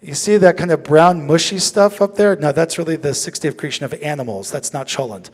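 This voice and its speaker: A man with a slightly high voice teaches as a rabbi in a synagogue, asking the audience questions and throwing in jokes. His voice rings out with the long reverb of a large hall. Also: fairly quick. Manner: asks the audience questions, joking and lively. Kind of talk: interactive teaching talk. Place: synagogue sanctuary.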